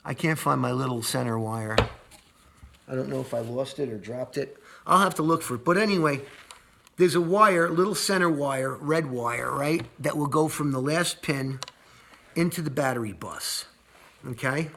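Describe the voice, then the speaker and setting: A man's voice: medium pitch, normal speed, vocal fry, pushed and bright, slight background noise. A man casually walking viewers through a wiring job, rambling, repeating words and cursing when annoyed. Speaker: video host demonstrating an install. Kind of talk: casual how-to walkthrough.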